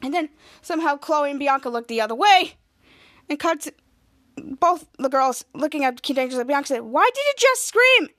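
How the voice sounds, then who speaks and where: A woman's voice: high-pitched, brisk, fairly bright tone. A woman hosting a podcast, casually recapping a TV episode in a rambling way with frequent restarts. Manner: rambling retelling with restarts, voices quotes. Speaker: podcast host.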